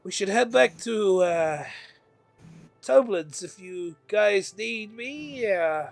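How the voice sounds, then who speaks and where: A man's voice: high-pitched, expressive, slow pace, vocal fry, dry recording, faint music behind, heavily acted. A man voicing a friendly male traveler, a father fond of poker, in a casual, chummy way.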